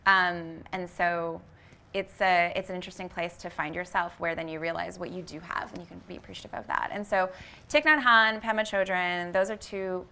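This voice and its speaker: Bright-voiced earnest woman. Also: lowish voice, steady tone, moderate pace, gravelly, clear, resonant tone. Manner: earnest, searching for words with many fillers. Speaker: vegan fashion brand founder, interview guest. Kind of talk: casual reflective interview talk.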